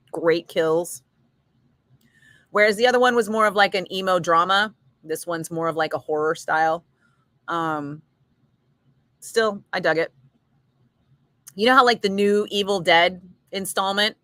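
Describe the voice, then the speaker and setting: Chatty, bright-voiced woman DJ, dry close mic. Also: fairly low pitch, no room sound. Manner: chatty, frank, laughs easily, swears casually. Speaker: radio DJ chatting with listeners. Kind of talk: casual live chat between radio segments.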